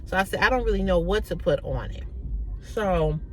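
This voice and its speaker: A woman's voice: fairly low pitch, moderate pace, poor audio. A woman vlogger casually retelling a conversation, with lots of "I said, she said". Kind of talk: casual storytelling to camera. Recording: loud outdoor traffic noise.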